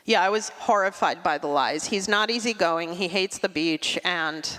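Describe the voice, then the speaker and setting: A middle-aged woman doing a stand-up comedy set, with a dry, deadpan delivery and quick asides. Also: fairly low pitch. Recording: long hall reverb.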